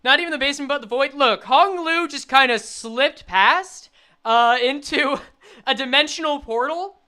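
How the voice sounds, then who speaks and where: A young woman with a voice that sits high streams a game, chatting and reading the story aloud. She's animated and quick to laugh.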